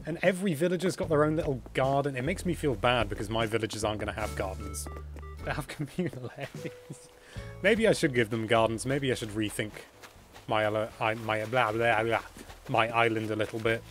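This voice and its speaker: A man hosting a casual game livestream, excitable and chatty, exclaiming as he goes. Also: medium pitch, brisk, faint music behind. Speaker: livestream host.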